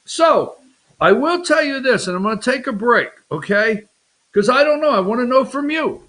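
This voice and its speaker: A man hosting an opinionated political talk show, rambling and animated, with jokey asides. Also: very high voice, normal speed.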